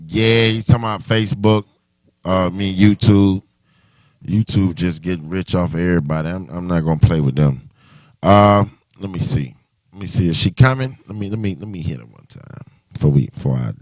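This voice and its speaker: A man's voice: low-pitched, fairly quick, a little mellow, no echo, studio quality. A man hosting a casual livestream chat, talking loosely and rambling with many restarts. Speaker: livestream host.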